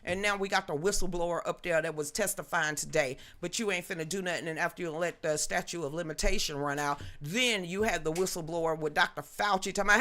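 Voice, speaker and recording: Woman host, unscripted live stream commentary, sharp bright tone, sassy and mocking, slangy. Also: fairly low pitch, fast, few pauses. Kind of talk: unscripted political commentary, greeting chat viewers.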